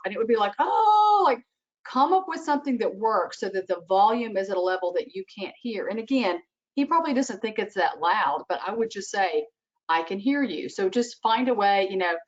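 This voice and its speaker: Animated female advisor on a video call; dull, lo-fi sound. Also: medium pitch. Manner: animated, acts out what she would say to a child. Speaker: webinar expert answering parent questions. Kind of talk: advice in a webinar Q&A.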